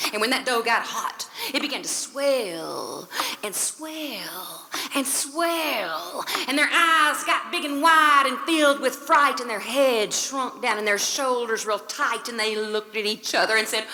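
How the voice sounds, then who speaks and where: A woman tells a folk tale in a rhythmic, dramatic way, sometimes sinking to a whisper. Her voice is bright and lifted, swinging widely in pitch. She takes her time. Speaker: storyteller.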